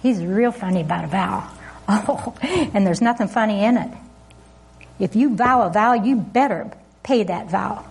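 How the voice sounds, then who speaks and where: A woman's voice: mid-range voice, normal speed, vocal fry, a little mellow, slightly rough. A woman preaching an informal sermon, chatty and often laughing as she asks the congregation questions.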